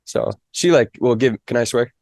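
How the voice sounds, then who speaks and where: A man's voice: medium pitch, normal speed, gravelly, a little mellow, dry recording, studio quality. A young man from the Fargo area, a weather reporter and guest, talking in a modest, easygoing way full of "like". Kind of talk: casual interview.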